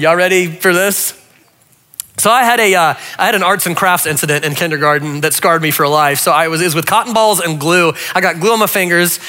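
A man, preaching a humorous sermon and telling stories with quick voiced asides. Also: high-pitched, sharp tone. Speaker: pastor.

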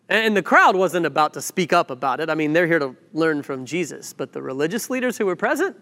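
A man preaching a sermon, telling a story with lively acted-out quotes and asides. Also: fairly high pitch. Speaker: pastor. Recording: long hall reverb.

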